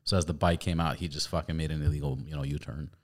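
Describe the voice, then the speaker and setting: A man hosting a podcast, chatting casually, swearing freely and telling animated stories. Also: extremely low pitch, quick pace. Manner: profane, storytelling, animated. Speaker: podcast host. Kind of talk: casual chat.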